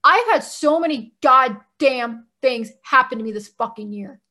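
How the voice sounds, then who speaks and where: A high-voiced woman co-hosting a casual podcast. She is blunt and emphatic, drops frequent swear words, and pushes her points hard. Her tone is bright and forceful. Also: lively intonation, measured pace. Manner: blunt, profane, emphatic ranting. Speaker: podcast co-host.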